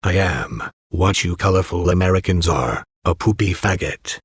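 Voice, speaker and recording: A man voicing a deep raspy lordly stag. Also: lively intonation, moderate pace, dry recording, clean studio sound, full character voice. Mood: grandly welcoming. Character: grand, welcoming male stag, lordly. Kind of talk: crude parody fan dub.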